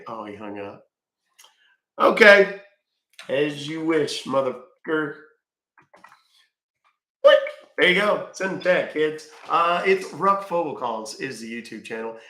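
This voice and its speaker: Male live-stream host, gravelly, rambling and casual, swears freely, recorded in an echoey room. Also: medium pitch, bright, forceful tone. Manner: rambling, thanks viewers by name, swears casually. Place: at home.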